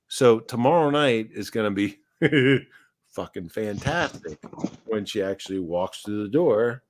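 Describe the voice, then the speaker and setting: Casual livestream host, profane and lively, with a swooping delivery. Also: male voice, on the low side, measured pace. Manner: profane, animated, rambling anecdotes. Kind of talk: casual storytelling on a live stream.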